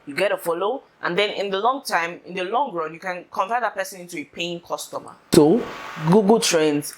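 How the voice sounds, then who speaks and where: Woman giving chatty tips. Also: fairly low pitch. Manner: animated and instructive, repeats points for emphasis. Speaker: content creator giving social media tips. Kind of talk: casual advice vlog.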